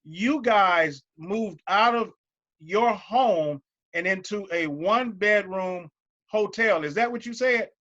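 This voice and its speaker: A man's voice: high-pitched, slow pace, sharp tone. A man hosting an interview, affirming his guests with enthusiasm, over a dull lo-fi video call. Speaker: host.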